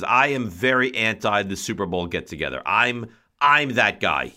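A man's voice: medium pitch, expressive, moderate pace, sharp tone. A man hosting a sports talk show, playfully grumpy and emphatic in his complaints. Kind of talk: casual chat.

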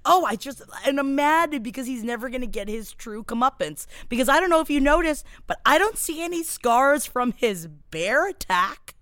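A woman's voice: high-pitched, animated, normal speed, hardly any pauses, a bit bright, no room sound, studio quality. A woman co-hosting a casual TV recap podcast, blunt and swearing, often breaking into laughter. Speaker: podcast co-host.

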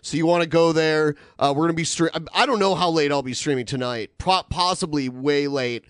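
Smooth-voiced man hosting a chat show. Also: on the high side, a little fast, no echo, clean studio sound. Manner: rambling, reads messages aloud with filler words. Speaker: podcast host. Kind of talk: casual chat, reading donations.

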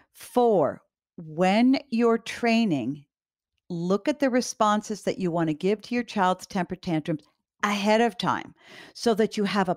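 A woman with a fairly low voice explains parenting steps in a calm, direct way. She repeats her main advice for emphasis. The sound is dry and close. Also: dry recording. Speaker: parenting educator. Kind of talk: instructional talk to parents.

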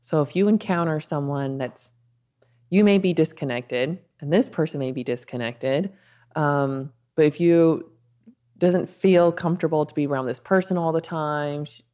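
A woman's voice: low-pitched, moderate pace, dark tone. A woman guest in a conversation, giving earnest spiritual advice in short reflective phrases. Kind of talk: casual conversation.

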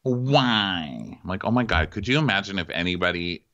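A man's voice: low-pitched, lively intonation, normal speed, fairly bright tone, muffled recording. A man co-hosting a podcast over a video call, recapping the show casually with dry jokes. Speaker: podcast co-host. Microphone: remote video call.

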